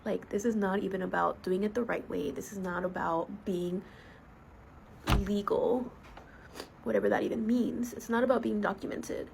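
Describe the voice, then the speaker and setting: A woman in her thirties, a school therapist from the United States, speaking in an emotional, halting, heartfelt personal video monologue. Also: medium pitch, fairly even intonation, gravelly, a little mellow, slight background noise, poor audio.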